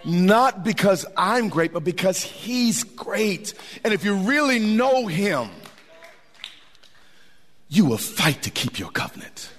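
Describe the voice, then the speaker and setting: A man preaching a sermon as pastor, animated and folksy, repeating words for emphasis. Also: high-pitched, takes it slowly. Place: church sanctuary. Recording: long hall reverb.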